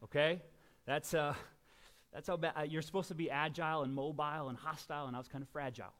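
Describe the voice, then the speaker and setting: A middle-aged man preaching a sermon as pastor, swinging between quiet asides and loud, emphatic shouts. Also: a little high, steady tone, fast.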